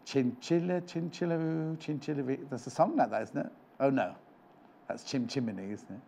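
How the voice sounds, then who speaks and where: A man's voice: medium pitch, animated, normal speed, warm tone, a little hiss or hum. A man presenting live on a shopping channel, chatting and joking in rambling asides. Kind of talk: live TV sales chat. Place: TV studio.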